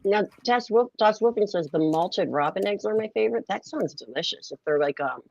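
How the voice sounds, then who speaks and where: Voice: mid-range voice, lively intonation, vocal fry. A co-host chatting casually on a stream while snacking. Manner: quick, snacking while talking. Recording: muffled lo-fi line.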